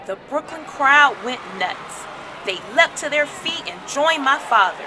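A woman reading a children's picture book aloud in an expressive storytelling style, raising her voice for the crowd's chants. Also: sits high, unhurried, noisy background. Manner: dramatic, shouts crowd chants.

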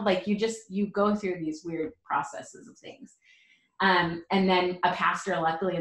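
A woman in her forties, a podcast guest, tells an emotional personal story in an earnest, halting way with many fillers. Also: lowish voice. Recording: roomy echo.

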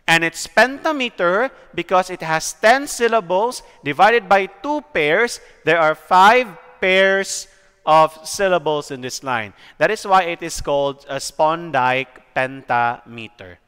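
A young man with a Cebuano Filipino accent giving a recorded lecture to his students, explaining slowly and often checking in with "okay?". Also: a little high, animated, sharp tone, clear, resonant tone, in a large hall. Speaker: teacher.

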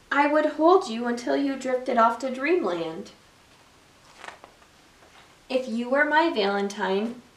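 A woman reading picture books aloud to children at library story time in an expressive, sing-song way. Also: sits high. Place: public library. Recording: echoey room, mic far off.

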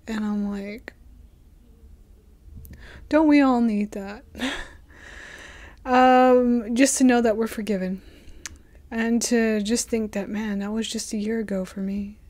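A woman hosting her own reaction video, chatting casually and playfully with viewers and sometimes dropping into a soft whisper. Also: on the high side, fairly even intonation, slow pace, long pauses. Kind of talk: casual reaction vlog chat.

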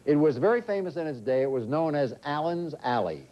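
A man hosting a quiz show in a TV studio, joking with contestants and reading questions briskly. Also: on the high side, expressive. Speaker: game show host. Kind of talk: quizmaster patter. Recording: dull, noisy old TV audio.

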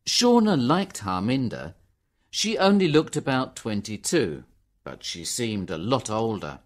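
Slow, expressive male story narrator. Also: mid-range voice. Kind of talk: graded reader audiobook narration.

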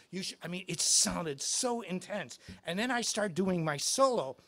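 A man giving a live guitar clinic in a music store, telling stories in an animated, excitable way. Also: high voice, moderate pace.

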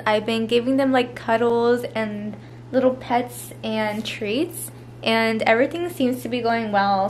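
A woman's voice: a little high, a little mellow. A tired young woman, chatting through casual vlog updates about her pets and stretching her fillers. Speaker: vlogger.

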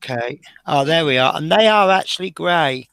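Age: unknown. Sex: man. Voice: bright, gravelly. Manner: chatty, self-deprecating. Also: fairly high pitch, lively intonation, normal speed, no room sound. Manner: chatty, self-deprecating, talks through each step. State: tired. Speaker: live-stream model-building host. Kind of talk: casual live-stream commentary.

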